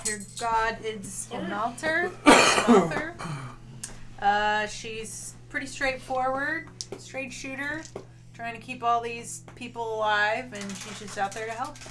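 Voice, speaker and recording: A woman's voice: a little high, takes it slowly, a crowd in the background. A woman playing in a tabletop game stream, chatting and explaining with a laugh in her voice. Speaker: player. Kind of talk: casual stream banter.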